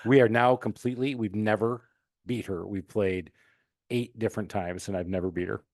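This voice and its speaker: A man's voice: lowish voice, fairly even intonation, normal speed, a little mellow, no room sound, studio quality. A man from Michigan hosting a podcast, telling jokey self-mocking stories in casual chat. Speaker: podcast host.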